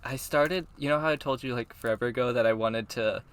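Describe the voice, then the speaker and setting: A man with a medium-pitched, smooth voice co-hosts a podcast, talking fairly quickly in casual chat. He rambles, leans heavily on "like" and other fillers, and laughs often.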